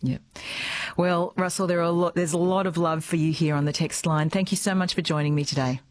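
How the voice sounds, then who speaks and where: A woman's voice: on the low side, fairly even intonation, fairly quick. A woman hosting a radio interview, asking conversational questions into a close studio microphone. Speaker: radio host.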